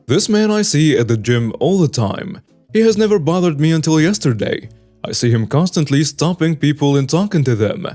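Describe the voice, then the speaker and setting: A man with a somewhat high voice reads online stories as the channel's regular narrator. His delivery is even and scripted. Soft music plays faintly underneath. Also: moderate pace.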